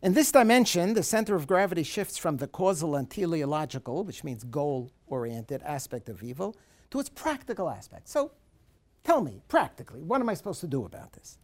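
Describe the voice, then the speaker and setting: A woman with a lowish voice lectures on a course, swinging her pitch widely as she goes. She hammers key points again and again and acts out a troubled person's questions in the first person, as if speaking as them. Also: big pitch swings, a little fast, a little mellow. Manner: emphatic, repeats key points.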